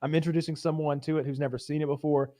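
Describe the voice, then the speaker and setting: A man's voice: a little high, racing, no room sound, studio quality. A man co-hosting a casual podcast, telling stories with lots of swearing and acting out scenes in big voices between laughs. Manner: animated storyteller who acts out scenes loudly, laughing often. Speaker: podcast co-host.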